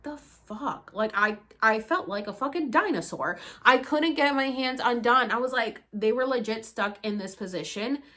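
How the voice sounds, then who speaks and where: A young woman vlogging to camera, telling a personal story in a casual, animated way, with lots of swearing and "like" fillers. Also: a little high, normal speed, few pauses.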